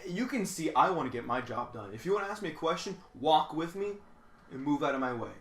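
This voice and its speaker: A man's voice: on the high side, animated, fairly quick, a bit bright. Guy rambling thru a work story, swears a lot, trips over his words, roomy echo. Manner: profane, stammering restarts. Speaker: podcast host. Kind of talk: casual late-night storytelling. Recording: echoey room.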